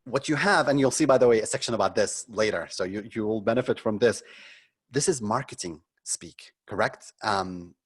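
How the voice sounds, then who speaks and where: A man's voice: fairly low pitch, normal speed, husky. A middle-aged man leading a live webinar as a marketing consultant, critiquing frankly and conversationally, with many ums and restarts.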